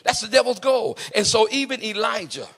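A man preaching a sermon in an impassioned way, rising to shouts with a sing-song cadence. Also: extremely high pitch, lively intonation, a little fast.

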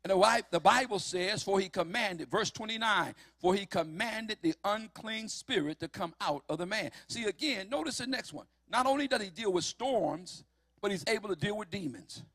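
A man preaching a sermon, emphatic and building to shouts on key lines. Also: high-pitched, expressive, moderate pace, no room sound.

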